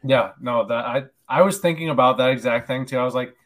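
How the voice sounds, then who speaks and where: A male guest in a casual sports podcast chat, with a voice of ordinary middle pitch. He rambles, fills his sentences with filler words, and often puts himself down. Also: fairly quick, a bit bright. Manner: rambling, many "like" fillers, self-deprecating.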